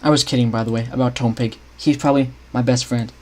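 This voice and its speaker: A young man's fast, steady-toned voice, medium in pitch and a little mellow, narrates his game map scripting on a livestream. He's casual, thinking aloud, often restarting and chatting with viewers.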